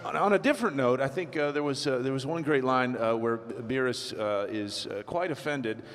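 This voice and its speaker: A man's voice: mid-range voice, normal speed. A man who voices cartoon characters, speaking hesitantly with many uhs on a convention panel. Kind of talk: casual panel chat. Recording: echoey hall.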